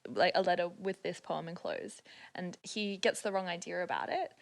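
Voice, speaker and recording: A woman's voice: fairly low pitch, lively intonation, moderate pace, gravelly. An Australian woman, a podcast guest, chatting casually and explaining things at length with frequent laughs. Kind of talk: casual chat.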